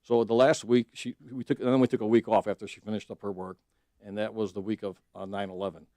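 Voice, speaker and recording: In a radio studio, an earnest middle-aged man running for a judicial seat tells stories in a casual interview, with frequent restarts and fillers. His voice is fairly low, level, and dark in tone, and he speaks fast with no echo.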